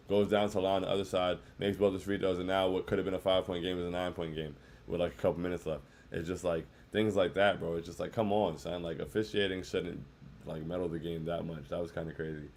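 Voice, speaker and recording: Dejected man with a lowish voice. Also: darkish tone. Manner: dejected, repeats "bro", reads chat comments aloud. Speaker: livestream host. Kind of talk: casual postgame stream chat.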